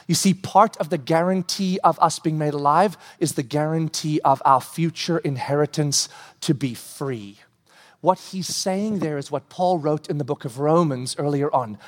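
A man preaching a sermon with animated delivery, acting out dialogue and rising to shouts at his peaks. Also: on the high side. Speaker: pastor. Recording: long hall reverb.

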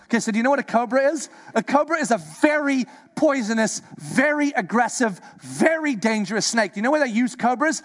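A man preaching a sermon, animated and playful, slipping into acted-out voices for his asides. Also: very high-pitched, fairly quick, few pauses. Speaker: pastor.

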